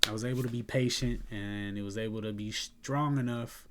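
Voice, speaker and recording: A sleepy, yawning man casually talking through his day trades, relaxed and chatty, thinking aloud with fillers and soft laughs. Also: lowish voice, fairly quick, very noisy. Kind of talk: casual screen-recorded trade review.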